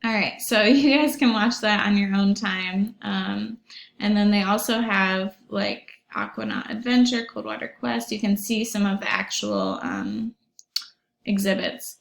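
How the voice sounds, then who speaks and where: Recorded in an echoey room, a young female teacher guides pupils through a website in an online lesson. Her mid-range, gravelly voice is animated and a little slow, and she stays chatty and upbeat, full of ums and side remarks to the class.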